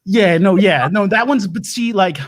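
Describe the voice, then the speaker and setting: Guy doing a stammery doomsday prepper host, kinda high voice, always backpedalling. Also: normal speed, lightly acted. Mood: flustered. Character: doomsday prep lecturer, bumbling Southern American husband. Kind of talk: improv comedy livestream.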